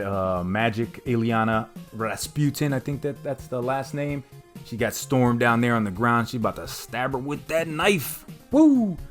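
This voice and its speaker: Man, casual unboxing chat, mid pitch, addresses viewers as guys, soft music behind. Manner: chatty, calls viewers "guys", lots of fillers. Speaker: vlogger reviewing comics and bourbon.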